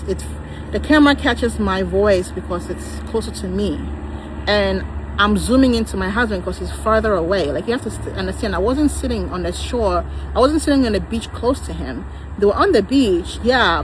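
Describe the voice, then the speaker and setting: Woman in her 30s venting in a vlog, keeps repeating herself, kinda defensive, faint traffic outside. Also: on the low side. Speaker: vlogger. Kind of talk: emotional personal vlog.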